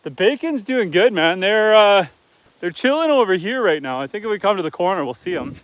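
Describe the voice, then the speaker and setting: A man's voice: high-pitched, sing-song, fairly quick, dry recording, lo-fi sound. A man hosting a live stream from his farm, chatting with viewers and talking to his pigs, goats and chickens. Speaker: homestead livestream host. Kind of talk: casual live-stream chat. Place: outdoors on a farm among animals.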